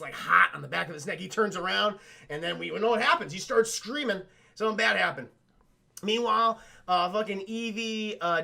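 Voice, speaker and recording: A man's voice: high-pitched, vocal fry. A man casually recapping a film on a livestream, swearing often and talking to his chat. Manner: profane, animated, addresses chat. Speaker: streamer and film reviewer.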